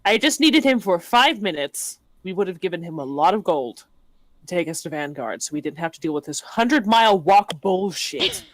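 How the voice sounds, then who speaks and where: A woman's voice: on the low side, lively intonation, moderate pace, no room sound. A woman playing a tabletop game, chatty and a little hesitant as she describes her moves. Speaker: player. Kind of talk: casual tabletop game play.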